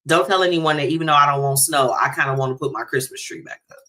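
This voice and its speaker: A woman's voice: low voice, fast talker, bright, forceful tone. A woman hosting a talk show, chatting casually and animatedly straight to her listeners.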